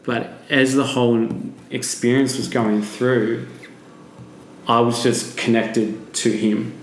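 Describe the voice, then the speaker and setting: A man's voice: medium pitch, flat delivery, slow pace, slight background noise. A man being interviewed as a podcast guest, telling a vivid personal story and swearing freely. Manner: vivid, swearing, acts out quotes. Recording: echoey room.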